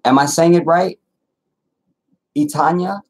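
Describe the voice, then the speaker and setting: A man's voice: mid-range voice, moderate pace, husky. A man hosting a casual livestream, reading chat comments aloud and talking back bluntly with plenty of profanity. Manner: blunt, profane, animated storytelling. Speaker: livestream host.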